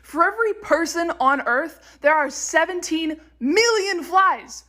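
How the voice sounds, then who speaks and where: A woman's voice: very high-pitched, animated, measured pace, a bit bright. A young woman delivering a blunt, swear-heavy comic list of facts in a mock-authoritative tone. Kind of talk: deadpan fact-listing comedy rant.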